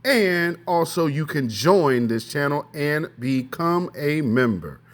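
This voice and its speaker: A man's voice: a little high, lively intonation, takes it slowly. A man hosting his own online news commentary show, talking loosely with fillers and repeated set phrases.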